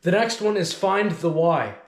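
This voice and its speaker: A man's voice: sits high, expressive, a little slow, roomy sound. Blunt, commanding motivational man. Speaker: self-improvement channel host. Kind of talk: motivational talk to camera.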